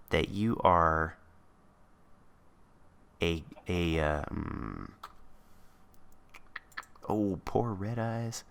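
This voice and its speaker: A man's voice: low voice, a bit bright. A man hosting a let's play, chatting casually and thinking aloud as he builds. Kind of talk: casual gameplay commentary.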